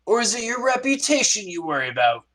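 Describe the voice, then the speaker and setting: A pirate captain voiced by a man who sits far higher than the narrator's usual voice. He speaks in earnest, emphatic pronouncements with a solemn, grateful edge. He comes across as a seasoned sea captain from a tabletop adventure. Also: big pitch swings, fast, fairly bright tone. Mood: probing.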